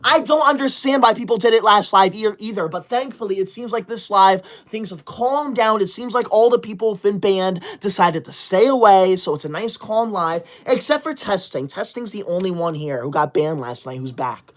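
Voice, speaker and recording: A woman hosting a casual livestream, reading super chats aloud and scolding viewers in a bossy, indignant way, breaking into sudden shouted outbursts. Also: mid-range voice, moderate pace, hardly any pauses. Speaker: livestream host.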